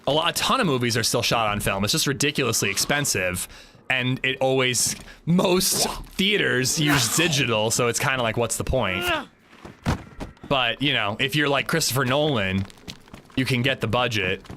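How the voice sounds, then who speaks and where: His mid-range voice has lively intonation and a pushed, bright quality, at normal speed with a faint hiss or hum. He's a gaming livestreamer chatting casually and bluntly as he plays, rambling with swearing and restarts.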